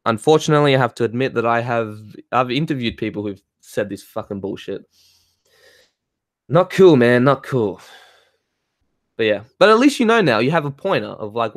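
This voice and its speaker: A man's voice: mid-range voice, dry recording, studio quality. A man ranting heatedly in casual talk, swearing and laughing as he reads and answers comments. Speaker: spiritual talk host reading chat.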